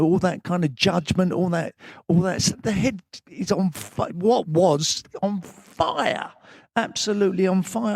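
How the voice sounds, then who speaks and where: A man's voice: high voice, vocal fry, a little mellow, no echo. Candid older man telling his story. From England. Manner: candid, rambling, swearing, emotional at times. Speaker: guest. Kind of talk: live stage conversation.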